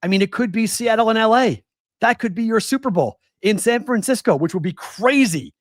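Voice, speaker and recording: Animated ranting man in his forties. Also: sits high, brisk, no room sound, studio quality. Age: 40s. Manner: exasperated, ranting, rhetorical questions. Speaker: sports betting show host. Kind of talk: animated sports talk. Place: West Coast.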